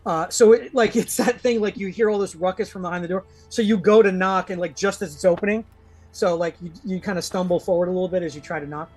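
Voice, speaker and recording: A man's voice: sits high, fairly even intonation, quick pace, a little mellow, husky, soft background music. A man narrating as game master in a live-play tabletop game, describing scenes in a rambling way full of fillers.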